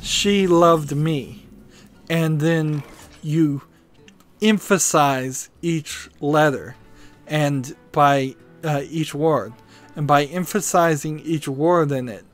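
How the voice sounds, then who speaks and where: Give me a man thinking aloud in a slow, meandering gaming commentary. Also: fairly high pitch, fairly even intonation, soft background music. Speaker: gaming video host. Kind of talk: rambling commentary while playing.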